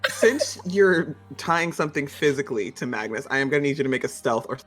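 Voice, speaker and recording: A game master calmly calling for dice checks in a tabletop game, laughing between rulings. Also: medium pitch, fairly quick, soft background music.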